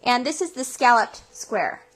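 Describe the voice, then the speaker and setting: A woman's voice: fairly high pitch, animated, a little slow. A woman hosting a craft tutorial, explaining each step as she goes. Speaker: craft show host.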